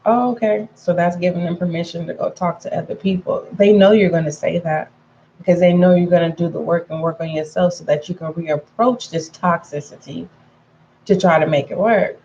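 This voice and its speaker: A woman's voice: fairly low pitch, fairly even intonation, a little fast, mellow, lo-fi sound, slight background noise. A woman giving a casual tarot reading to her viewers, chatty and frank, calling them pet names and repeating points for emphasis. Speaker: tarot reader.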